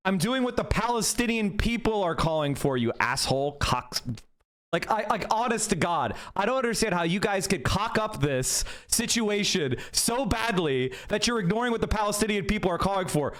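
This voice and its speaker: A man with a high-pitched voice delivers heated, profane commentary on a live stream. He talks fast and angrily, swears often and rants against critics. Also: expressive, fairly bright tone. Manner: heated, swearing, rapid ranting. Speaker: political streamer.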